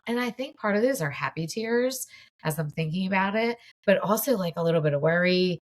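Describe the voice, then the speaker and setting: Talking at a fairly quick clip in an expressive, lowish voice, a woman in her forties demonstrates a tapping exercise for her viewers. As a mindset coach, she keeps it chatty, open and casual.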